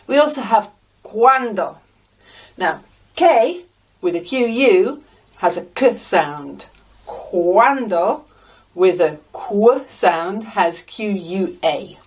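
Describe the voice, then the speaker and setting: A Spanish teacher with a mid-range, breathy voice and lively intonation gives a slow, deliberate lesson mixing English and Spanish. She's patient, carefully sounding out words, and sits a little distant from the mic.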